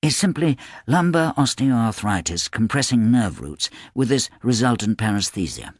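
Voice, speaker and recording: A man's voice: medium pitch, big pitch swings, moderate pace, dry recording, clean studio sound. A man voicing a pompous male doctor who talks in medical jargon.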